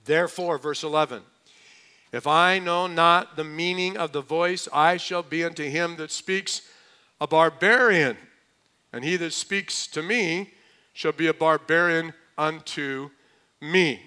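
Male pastor, middle-aged, fairly high and bright voice, chatty joking sermon delivery. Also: a little slow, clear, resonant tone. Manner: conversational, joking asides with mimicked voices. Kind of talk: expository sermon.

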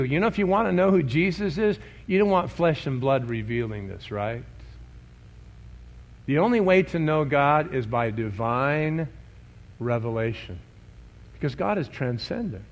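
A man's voice: on the high side, animated, normal speed, a bit bright. A male pastor preaching a sermon, emphatic and conversational, often asking his congregation questions.

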